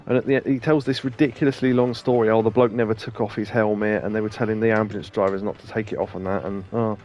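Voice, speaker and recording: A man's voice: fairly low pitch, fairly even intonation, quick pace, a little mellow, dull audio. A man co-hosting a let's play, chatting casually and telling rambling anecdotes with plenty of laughs. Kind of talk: casual chat over gameplay.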